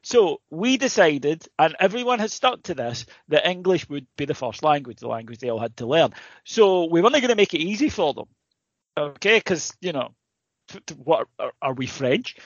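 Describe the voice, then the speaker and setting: A man's voice: on the high side, lively intonation, moderate pace, no echo. A man co-hosting a casual comedy podcast, telling stories animatedly and swearing freely. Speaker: podcast co-host. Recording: dull lo-fi sound, dry.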